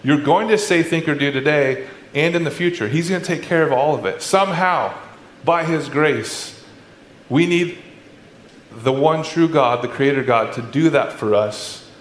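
A man preaching a sermon as a pastor, in a conversational, animated way with sarcastic asides. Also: on the high side, measured pace, slight background noise. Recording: echoey room with faint ambience.

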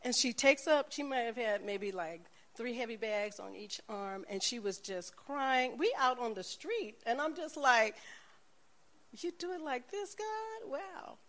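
Animated woman preaching a testimony. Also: fairly high pitch, measured pace, hardly any pauses. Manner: animated storytelling, acts out the people in her story. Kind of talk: sermon with personal testimony.

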